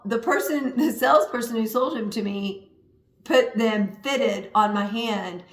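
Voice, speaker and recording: Woman podcaster telling a story, kinda high voice, echoey room, slows down for breathing bits. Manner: animated storyteller, guides listener through slow breathing. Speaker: podcast co-host. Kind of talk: storytelling and motivational talk.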